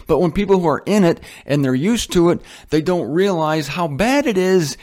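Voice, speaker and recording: A man hosting a Bible teaching show, talking in a loose, conversational way with asides and slow, dramatic emphasis. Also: on the high side, expressive, darkish tone. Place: indoors, a guest home. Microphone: headphones on, talking into a mic.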